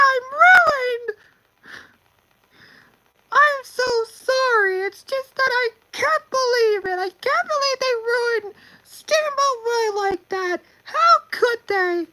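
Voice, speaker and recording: A young male streamer voicing a distraught, squeaky male cartoon mouse who rants melodramatically and sounds close to tears. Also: bright, forceful tone, full character voice, rough recording. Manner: wailing, melodramatic, near tears. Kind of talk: livestream rant in character.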